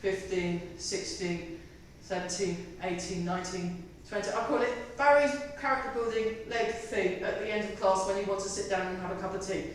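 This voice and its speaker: A woman's voice: medium pitch, moderate pace, few pauses, slight background noise. A woman leading a tai chi fitness class, counting reps with chatty, self-mocking asides and giggles. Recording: echoey room, voice from far off the mic.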